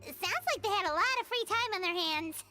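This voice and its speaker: A squeaky cheeky fairy companion. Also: female voice, expressive, moderate pace, sharp tone, exaggerated voice. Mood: snarky. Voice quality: high squeaky childlike voice. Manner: teasing, snarky asides. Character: small floating fairy companion, cheeky and blunt. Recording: reverberant game audio with music.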